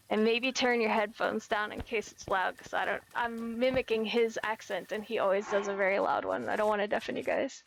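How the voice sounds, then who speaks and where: A woman's voice: a little high, creaky, fairly bright tone, slight background noise, low-quality recording. A young woman chatting casually while streaming a game, giggly and self-deprecating. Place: home, lives in California.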